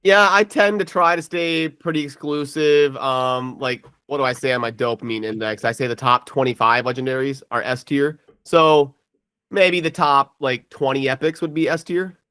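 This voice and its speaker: A man guesting on a casual gaming chat, speaking in a measured, easygoing way. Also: medium pitch, pushed and bright, clear, resonant tone, dry recording, clean studio sound. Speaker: guest content creator.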